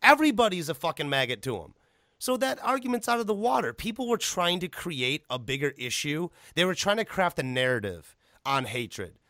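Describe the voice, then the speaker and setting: Male podcast host, casual rant, profane and animated, slightly high voice, dry close sound. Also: no room sound. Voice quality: animated, ranting, profane, jumps to high pitch for emphasis. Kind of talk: casual chat.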